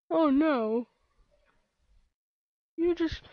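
A high-voiced woman narrates her game in an excitable, playful way, drifting now and then into baby talk while taking her time. She sits right on the microphone in a dry, dead-sounding space. The home recording is dull and lo-fi. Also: slow pace, long pauses, no room sound. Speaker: let's play gamer. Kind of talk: live gameplay commentary. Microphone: close microphone.

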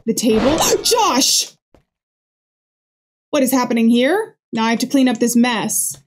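A woman's voice: on the high side, a little fast, a little mellow. A young woman giving jumpy, joking commentary as she plays a horror game and reads its dialogue aloud. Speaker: gaming video creator. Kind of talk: let's play commentary.

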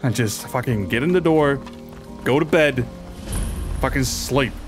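A man commentating his own gameplay in a casual, profane and excitable way, reacting aloud to the game. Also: medium pitch, unhurried, music in the background. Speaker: gaming video host. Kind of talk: casual let's play commentary.

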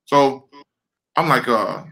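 A man's voice: medium pitch, slow, poor audio. A man, a former football lineman, telling a story with lots of swearing and repeated words over a video call. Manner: animated, profane, repeats words.

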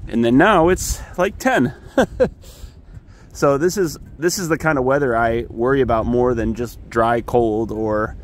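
A man's voice: medium pitch, measured pace. A man casually talking through a farm vlog outdoors in the wind, rambling and self-deprecating as he films his animals on a handheld camera. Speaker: farmer filming his animals.

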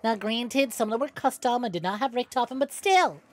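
A young woman streaming a game, chatting casually with viewers, excitable and quick to swear. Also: a little high. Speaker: VTuber streamer. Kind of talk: casual gameplay stream chat.

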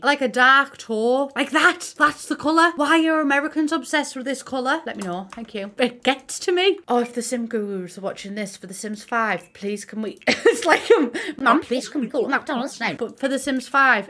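A woman's voice: mid-range voice, a bit bright. A young woman with a Middlesbrough accent, chatting casually and talking to herself as she builds in a game, sweary and self-mocking. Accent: Middlesbrough English. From Middlesbrough, England. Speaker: gaming YouTuber.

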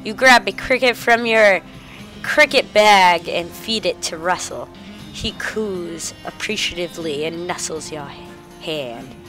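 A woman's voice: fairly low pitch, measured pace, sharp tone, faint music behind. A woman playing a video game, reading the game text aloud and chuckling as she goes. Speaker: gamer. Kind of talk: let's play commentary.

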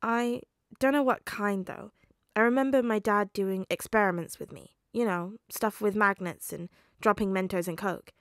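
A woman's voice: medium pitch, moderate pace, no echo, clean studio sound, close to an everyday voice. A woman reading a fan story aloud, voicing a nervous, grieving teenage boy who hesitates and trails off with ums.

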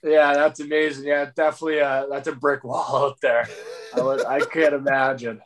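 Young male athlete guest, average pitch, easygoing storyteller who laughs a lot. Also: little pitch movement, moderate pace. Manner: laid-back, laughs while telling stories. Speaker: guest hockey player. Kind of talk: casual interview chat.

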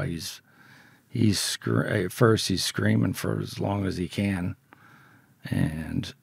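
A man's voice: sits low, vocal fry, darkish tone, slightly rough, dry recording, clean studio sound. A middle-aged man telling a blunt, profane story as a podcast guest. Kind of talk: storytelling in an interview.

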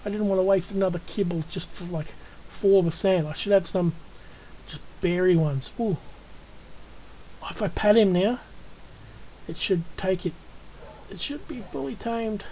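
A woman's voice: medium pitch, moderate pace, pauses often, mellow, slight background noise, rough recording. An Australian woman hosting a gaming channel, chatting casually through her gameplay and coaxing the animals she tames in a cooing, friendly way.

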